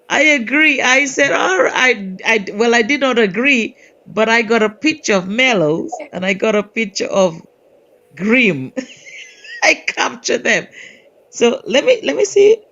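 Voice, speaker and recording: A woman's voice: a little high, sing-song, measured pace, bright, forceful tone. Giggly woman on a live stream. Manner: giggly, playful, stumbles for words. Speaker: panel participant. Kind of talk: casual live-stream chat. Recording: slightly dull lo-fi audio.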